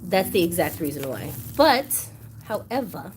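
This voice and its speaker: A woman hosts an unboxing vlog in a gushing, exclamatory way, sometimes close to tears. Her pitch jumps all over the place. A faint hiss of noise sits under the recording. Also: sing-song, unhurried. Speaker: doll collector channel host.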